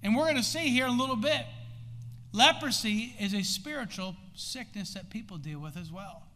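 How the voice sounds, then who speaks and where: High-voiced preacher man in a reverberant church. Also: animated, normal speed. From United States. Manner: preaching with rising intensity and sudden shouts. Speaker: pastor. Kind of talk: sermon. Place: church sanctuary. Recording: long hall reverb in a church.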